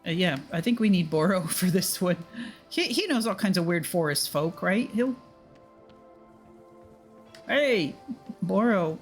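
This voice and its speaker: Chatty woman streamer over soft music. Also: fairly low pitch, animated, unhurried, pauses often. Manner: chatty, hesitant asides. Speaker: game streamer. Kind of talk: casual gameplay chat.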